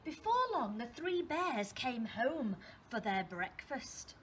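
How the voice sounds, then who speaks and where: A woman teacher reading a storybook to young children, expressive and asking them questions as she goes. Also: fairly high pitch, takes it slowly, slight background noise. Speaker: primary school teacher.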